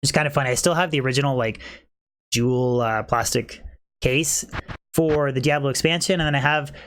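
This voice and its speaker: Speaking fairly quickly in a medium, slightly bright voice, this young game streamer keeps things quiet since his wife is sleeping, chatting loosely with viewers and responding to their messages as he plays. There is slight background noise.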